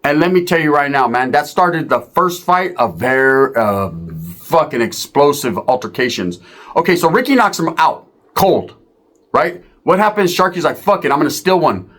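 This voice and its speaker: A man's voice: a little high, moderate pace. A man telling a profane street story, acting out the other people's voices. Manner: animated, profane, acts out voices.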